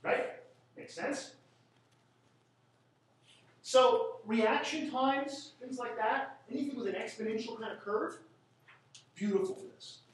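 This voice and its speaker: High-voiced joking lecturer in an echoey room. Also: male voice, takes it slowly, long pauses. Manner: joking, rambling, sarcastic asides. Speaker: statistics teacher. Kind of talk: classroom lecture. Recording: echoey room from a distant mic.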